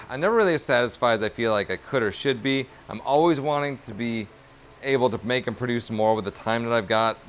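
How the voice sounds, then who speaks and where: A man's voice: medium pitch, fairly bright tone. Guy doing a chill craft stream, upbeat and encouraging, rambly with lots of ums and likes, normal mid voice, bit of hiss behind. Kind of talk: casual livestream chat while crafting. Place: workshop at his business.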